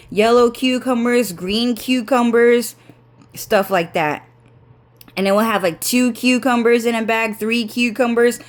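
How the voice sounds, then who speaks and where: A young woman with a congested, runny nose, telling a rambling story that is full of swearing, fillers and restarts. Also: mid-range voice. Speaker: vlogger.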